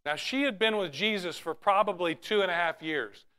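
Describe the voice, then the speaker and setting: Bright-voiced, high-pitched male preacher. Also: moderate pace, clean tone. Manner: earnest preaching with repeated restarts, reads scripture aloud. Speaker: pastor. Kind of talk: sermon.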